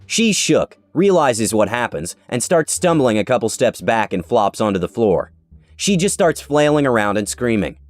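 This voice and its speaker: Animated sarcastic male story narrator. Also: medium pitch, moderate pace. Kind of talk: scripted narration of an online story. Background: faint background music.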